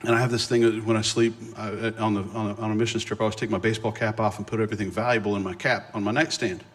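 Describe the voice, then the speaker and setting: A middle-aged man, a guest speaker, telling a personal story in a sermon with animated, self-mocking delivery and quick restarts. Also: on the low side.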